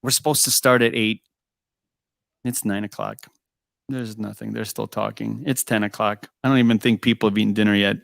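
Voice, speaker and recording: A man's voice: on the low side, normal speed, vocal fry, no echo, studio quality. A man telling a musician's road stories in a casual interview, often laughing and acting out the dialogue. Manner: animated anecdotes with frequent laughs and "I go". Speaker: guest musician.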